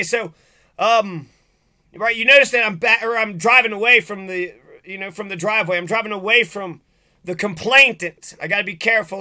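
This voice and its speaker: A man's voice: sits high, pushed and bright. A man giving an agitated, profane, sarcastic rant in video commentary. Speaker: vlogger.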